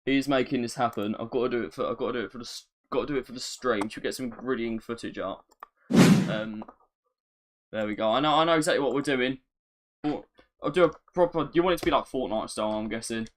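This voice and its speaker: A man's voice: mid-range voice, fairly quick. Chatty man streaming. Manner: chatty, excitable, repeats phrases, self-mocking. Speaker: gaming streamer. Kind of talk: casual live-stream chat.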